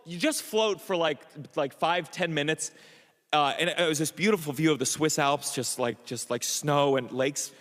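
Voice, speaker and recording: Stand-up comedian, man with a higher voice, nervy self-mocking storytelling, stage reverb. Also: normal speed. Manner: excitable, self-mocking, stammered restarts.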